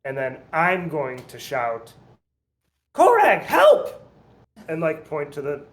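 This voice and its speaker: A man's voice: fairly high pitch, measured pace, a bit bright. A man playing a tabletop game, stating his moves plainly and easygoing. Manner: plain, easygoing, declares actions matter-of-factly. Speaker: player. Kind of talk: casual tabletop play.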